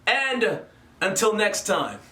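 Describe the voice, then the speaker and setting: A man's voice: slow, roomy sound. A man hosting his own vlog, giving blunt, earnest grooming advice straight to the viewer. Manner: blunt and earnest, lively swings in pitch. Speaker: channel host. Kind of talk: direct-to-camera grooming advice.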